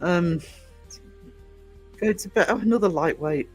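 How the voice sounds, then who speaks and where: A man's voice: sits high, a little slow, faint music behind. A man hosting a casual livestream, rambling through viewer comments with lots of ums and restarts. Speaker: livestream host and small publisher.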